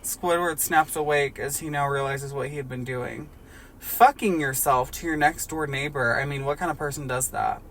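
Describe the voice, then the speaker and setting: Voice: mid-range voice, normal speed, fairly bright tone, a little hiss or hum. A podcast host doing a comedic reading of fan fiction, breaking off for laughing asides. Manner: laughing asides between lines.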